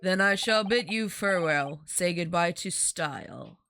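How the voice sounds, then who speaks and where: A woman doing a refined, haughty gentleman. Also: on the low side, noisy background. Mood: suspicious. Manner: put-on refined accent, slow and dignified. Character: refined, stylish gentleman with a suspicious name. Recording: game music behind the voice.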